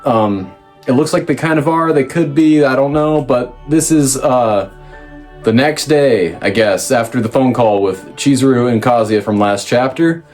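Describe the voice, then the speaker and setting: A man hosting a casual manga review, rambling with fillers and restarts and jumping up in pitch when he quotes characters. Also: unhurried, soft background music. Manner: lively, pitch jumps up when quoting characters. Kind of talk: casual recap commentary.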